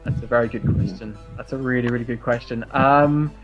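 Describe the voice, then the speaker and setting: A man's voice: mid-range voice, steady tone, brisk, dull audio, faint music behind. A man hosting an online English conversation club, talking casually with many fillers and restarts. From New Zealand.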